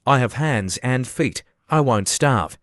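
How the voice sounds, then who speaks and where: A man's voice: mid-range voice, animated, slow pace, fairly bright tone, no echo. A man voicing a young female flight attendant who is devoted to her boyfriend, in a dry, plain recap reading. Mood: earnest. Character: young woman, loyal flight attendant girlfriend.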